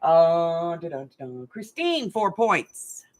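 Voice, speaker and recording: Slow and sing-song, her lowish voice carries the chatty, rambling talk of a middle-aged woman who laughs often. She hosts a craft channel live game, chatting and telling stories from a hot room at home.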